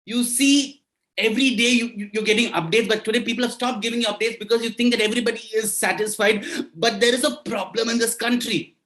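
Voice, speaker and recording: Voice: medium pitch, fairly even intonation, quick pace, a bit bright, close to an everyday voice. Storyteller doing an urgent minister. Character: anxious royal minister urging his king.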